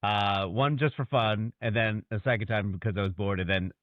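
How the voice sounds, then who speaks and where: A man's voice: on the low side, fairly even intonation, moderate pace, no echo. A man co-hosting a podcast in casual, self-deprecating chat, heard over a remote line. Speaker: podcast co-host. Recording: dry phone-like remote line.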